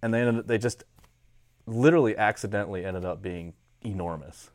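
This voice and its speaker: A man's voice: fairly low pitch, brisk, no echo. Man, middle-aged, laid-back storyteller, swears, laughs a lot, dry sound. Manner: laid-back, swears, laughs often, quotes people in character. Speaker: guest. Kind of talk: casual chat.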